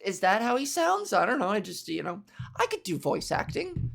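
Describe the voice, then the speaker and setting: A woman's voice: medium pitch, big pitch swings, normal speed, gravelly. A woman comedian hosting her podcast, riffing in a rambling, profane, self-interrupting monologue.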